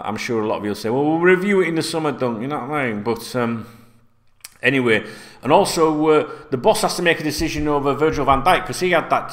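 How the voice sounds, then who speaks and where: Swearing, rambling fan host. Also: male voice, mid-range voice, fairly bright tone. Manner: rambling, swears freely, chatty storyteller. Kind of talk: casual football fan chat to camera.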